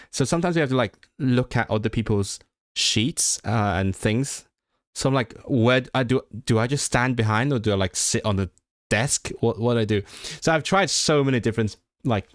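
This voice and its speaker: Chatty, low-voiced male streamer, dry sound. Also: dry recording. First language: not English. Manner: chatty and self-mocking, with stammered restarts and frequent laughs. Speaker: livestreamer learning a language. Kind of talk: casual livestream chat.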